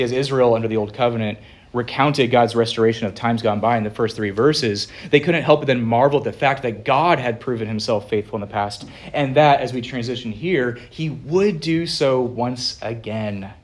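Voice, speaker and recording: A man preaching from the pulpit with earnest conviction. His voice sits at an ordinary pitch for a man, and he slows on key phrases and builds in volume when he exhorts the listeners. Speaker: pastor. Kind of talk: sermon.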